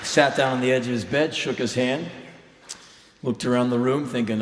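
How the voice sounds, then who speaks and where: A man's voice: mid-range voice, fairly even intonation, moderate pace, slight background noise. An American man in his thirties, telling a story on a live stage in an intense, blunt, emphatic way. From United States. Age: 30s. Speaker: spoken word performer. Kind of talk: live spoken word storytelling. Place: live stage in a concert venue. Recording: echoey live hall recording.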